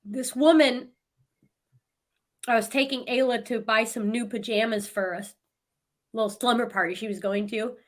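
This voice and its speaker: A woman's voice: on the high side, normal speed, pauses often. A middle-aged woman, a podcast guest, telling a story animatedly in casual conversation. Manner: animated storytelling with frequent laughs.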